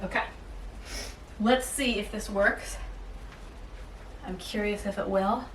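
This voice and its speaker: A woman's voice: medium pitch, fairly even intonation, slow, background noise. A woman chatting casually and playfully while she cleans her house, tossing in self-mocking jokes. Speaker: home vlogger. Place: inside a house. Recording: echoey room, mic far off.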